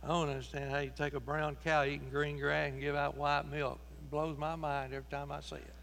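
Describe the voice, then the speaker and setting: An impassioned male preacher whose voice sits high and rings bright and forceful. He tells his sermon as a story, repeating phrases as he builds. His voice echoes through a long church hall over a faint mains hum. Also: flat delivery, fairly quick, gravelly.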